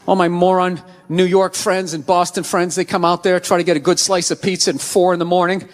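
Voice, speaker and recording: A middle-aged man from the US East Coast doing a profane stand-up rant, often shouting. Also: sits high, little pitch movement, brisk. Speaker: stand-up comedian. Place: comedy stage before a live audience.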